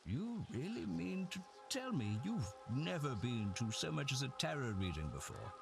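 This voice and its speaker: An actor playing a haughty older gentleman in a game, refined and condescending. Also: on the high side, very animated, normal speed, gravelly. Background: background music.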